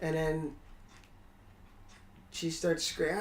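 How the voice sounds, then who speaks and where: A mid-pitched podcast co-host recounts a movie scene in plain, blunt terms, sounding openly incredulous at it. The delivery is casual and conversational. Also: a little slow, roomy sound. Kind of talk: casual film-review chat.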